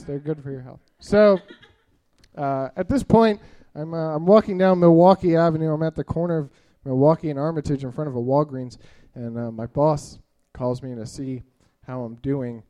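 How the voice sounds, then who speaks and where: A man's voice: on the high side, a little mellow. A man in his early thirties telling a rambling, self-deprecating stand-up story, full of filler uhs. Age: 30s. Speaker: stand-up comedian.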